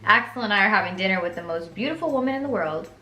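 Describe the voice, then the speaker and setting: A woman's voice: mid-range voice, expressive, racing, pushed and bright, echoey room. A woman reading a sweet, earnest young man.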